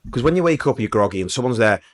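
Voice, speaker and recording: Fast-talking man. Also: mid-range voice. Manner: lively anecdotal, acts out dialogue. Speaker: police sergeant, guest. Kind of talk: casual storytelling interview.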